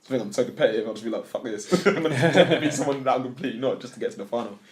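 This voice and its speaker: Fast-talking blunt young man. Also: medium pitch. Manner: blunt, swears, ranting. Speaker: podcast co-host. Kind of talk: casual chat.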